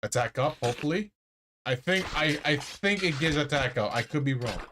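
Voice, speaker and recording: A man's voice: fairly high pitch, lively intonation, normal speed, noisy background. A man streaming a game live, chatting to his viewers in a rambling, self-mocking way and laughing often. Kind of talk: casual live-stream commentary.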